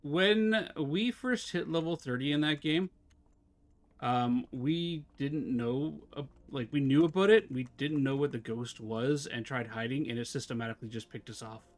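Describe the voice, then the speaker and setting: A man live-streaming a game, chatting casually with his viewers as he plays, talking fast and slurring his words together. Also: on the high side. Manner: chatty, talks to chat while fiddling with settings. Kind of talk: casual live-stream chat while gaming.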